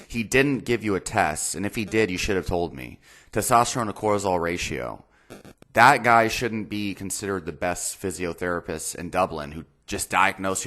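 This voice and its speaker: A man's voice: low voice, fairly bright tone. A man hosting a fitness channel, blunt and exasperated, swearing freely as he reads and comments on a viewer's message. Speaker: fitness and nutrition channel host.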